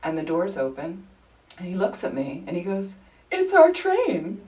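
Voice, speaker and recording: A woman leading a Buddhist study group, telling anecdotes in an informal, animated way. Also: on the low side, moderate pace, recorded from a distance, low-quality recording. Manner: chatty, animated storytelling with frequent laughter. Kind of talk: informal teaching talk with anecdotes. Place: group meeting room.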